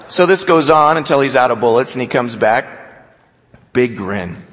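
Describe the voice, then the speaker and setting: Male pastor preaching, lively storyteller, mid pitch, long echo from a big hall. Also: moderate pace, a little hiss or hum. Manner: storytelling, animated, drops to quiet for quoted scripture. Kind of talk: sermon.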